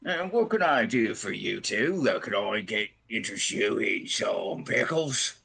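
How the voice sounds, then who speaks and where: Man voicing a half-orc pickle seller, friendly, rambling, slow, husky. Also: on the low side, expressive, sharp tone, full character voice. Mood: eager, rambling.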